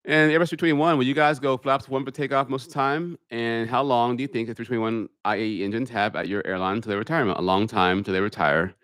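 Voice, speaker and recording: A middle-aged man, an airline pilot, casually chatting on a live stream, reading out viewer questions and answering them in a relaxed, talkative way. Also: medium pitch, quick pace, hardly any pauses, dry recording, studio quality.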